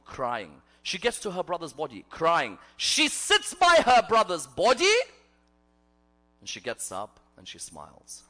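Male preacher telling a story in a sermon, forceful bright voice, dramatic swings from loud to hushed. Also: a little high, huge pitch swings, a little slow.

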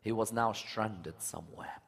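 Male preacher, sermon delivery, quiet narration building to fervent loud outbursts. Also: lowish voice, unhurried, creaky, slightly rough. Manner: impassioned, rising to loud emotional cries in prayers. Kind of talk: religious sermon.

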